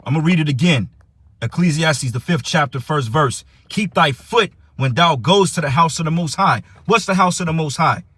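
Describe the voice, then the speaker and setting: A man's voice: on the high side, moderate pace, a bit bright, husky, dry recording. A man teaching for a religious camp, giving a heated, profane preaching rant that reads and explains scripture.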